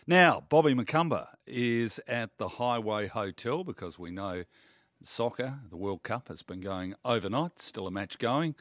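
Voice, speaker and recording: A man's voice: medium pitch, animated, a little slow, fairly bright tone, no echo. A man with an Australian accent, co-hosting morning radio in a jokey, bantering way. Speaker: radio co-host.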